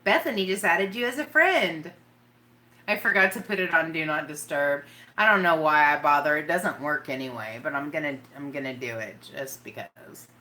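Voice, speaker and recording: A bright-voiced woman rambles through a casual live-stream chat. She giggles often and talks straight to the people in her chat. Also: low voice, moderate pace. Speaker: makeup vlogger.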